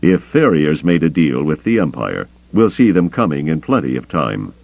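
A man voicing a calm, careful male smuggler leader in an audiobook, deep and gravelly. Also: heavily acted. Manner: measured, deliberate.

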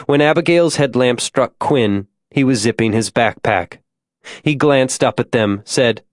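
Reading a suspense audiobook from a script, this male narrator keeps his storytelling even and measured at a medium pitch. The sound is studio quality, with no room sound at all.

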